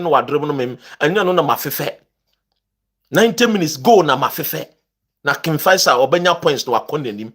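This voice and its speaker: A Ghanaian man ranting about politics to his online audience, impassioned and emphatic, switching between English and Twi. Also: on the high side. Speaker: political commentator. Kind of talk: animated political rant to camera.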